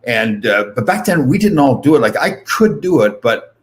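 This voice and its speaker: A man in his sixties, a former hockey player and podcast host, telling excitable anecdotes in a casual chat, full of restarts. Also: mid-range voice, moderate pace.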